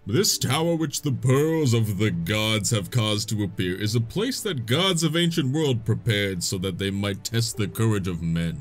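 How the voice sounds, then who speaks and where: A man reading the lines of a solemn, wise talking boat slowly and gravely. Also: lowish voice, animated, soft background music, voice pushed down.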